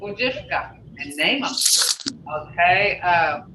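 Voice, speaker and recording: A woman's voice: fairly low pitch, lively intonation, slow, noisy background. A woman teaching an online language class over a video call, patiently calling on students one by one and coaching them through each phrase. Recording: roomy, distant, dull video call audio.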